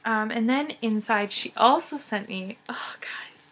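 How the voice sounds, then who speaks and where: A young woman vlogging in casual chat, gushing and excited, with many fillers and restarts. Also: a little high, a little slow.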